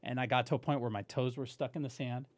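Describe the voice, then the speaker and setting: A man guest on a podcast, telling a story in a casual, animated way, swearing and saying "dude" often. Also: medium pitch, fast talker, no echo.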